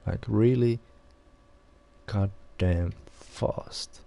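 A man livestreams a racing game, offering wry, self-mocking commentary and swearing freely. His gravelly voice sits on the low side and moves extremely slowly. Loud engine noise and racing car game sounds play behind him.

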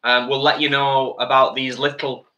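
A man's voice: medium pitch, level tone, moderate pace, pushed and bright, echoey room. Chatty man reading viewer comments. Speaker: co-host of a live vegan cooking stream. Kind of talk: casual live-stream chat. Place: home kitchen.

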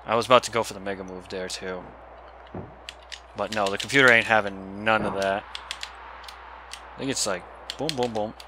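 A young man giving casual gameplay commentary, excitable and swearing as he yells at the game. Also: on the low side, moderate pace, pauses often, background noise. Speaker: gamer.

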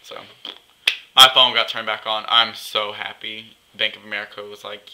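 A man's voice: lowish voice, steady tone, normal speed, pushed and bright, low-quality recording. A young man vlogging in a chatty, gossipy way, acting out what others said. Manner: chatty, gossipy, acts out quotes. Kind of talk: casual vlog rant.

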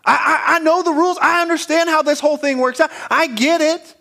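A man's voice: very high-pitched, steady tone, fairly quick, pushed and bright, pitched above the performer's own voice, full character voice. A man voicing a frustrated, grieving woman who insists over and over that she already knows what her faith teaches. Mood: exasperated. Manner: insistent, repetitive, exasperated listing.

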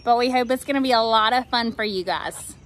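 A woman's voice: fairly high pitch, brisk, background noise. A woman art teacher demonstrating a craft project outdoors, giving patient, coaxing instructions to young children.

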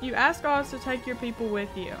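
A woman's voice: a little high, brisk, over music. A woman gaming YouTuber reading a text adventure aloud and reacting with frequent laughter, swearing and exclamations of disbelief.

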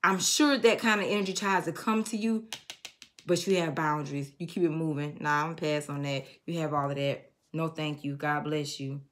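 A woman's voice: low-pitched, flat delivery, moderate pace. A woman giving an emotional tarot reading to her viewers. She speaks in a preachy way and breaks into snatches of songs. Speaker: tarot reader.

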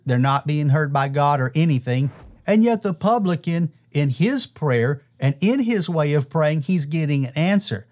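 A man's voice: a little high, a little mellow. Emphatic man preaching. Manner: emphatic and repetitive, slowing down to stress points. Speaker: Christian teacher. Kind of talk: preaching to camera.

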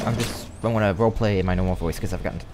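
A man's voice: on the low side, racing, background noise. A man hosting a gaming channel, giving loose, rambling commentary while he plays and swearing at the game. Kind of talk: casual gameplay commentary.

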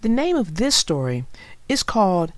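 A woman reading a children's story aloud with an expressive, gentle storybook delivery. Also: mid-range voice, normal speed, dry recording, faint music behind.

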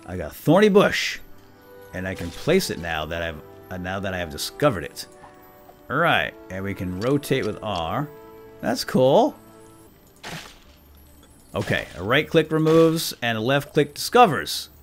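A man giving excitable, jokey commentary while playing a video game. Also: on the low side, unhurried, pauses often, faint music behind. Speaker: let's play gamer. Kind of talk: casual gameplay commentary.

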